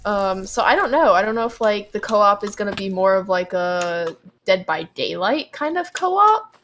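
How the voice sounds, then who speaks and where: Casting: young woman podcast co-host, chatty, filler-heavy, mid-pitched. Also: very animated, normal speed, fairly bright tone, a little hiss or hum. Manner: rambling, heavy on ums and likes. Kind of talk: casual gaming chat.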